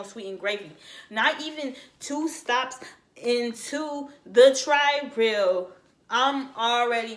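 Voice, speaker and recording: Animated young woman telling a story, slangy. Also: medium pitch. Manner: animated, slangy, acts out other people's lines. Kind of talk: casual storytime. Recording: echoey room.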